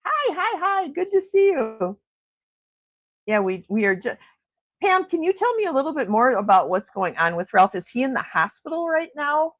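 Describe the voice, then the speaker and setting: A woman's voice: mid-range voice, dry recording. A middle-aged woman hosting a casual morning livestream chat, gushing and laughing often as she reads viewer comments. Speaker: livestream host.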